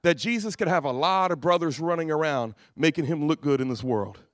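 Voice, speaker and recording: A man with a high voice preaches a lively sermon, telling stories and acting out the voices of the people in them. He laughs at his own jokes as he goes. The sound is dry and close, with no room echo. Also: a little fast. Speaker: pastor.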